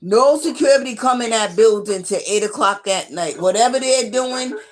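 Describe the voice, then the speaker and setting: A woman's voice: on the high side, normal speed. A woman on a live stream telling a rambling, chatty story straight to her viewers.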